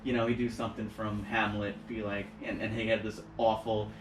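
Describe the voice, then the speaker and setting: A man's voice: lowish voice, brisk, background noise. A man with a Long Island accent, a stage actor telling stories in a casual podcast chat, laughing as he goes. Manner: animated storyteller, laughs while telling stories. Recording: echoey room, voice from a distance.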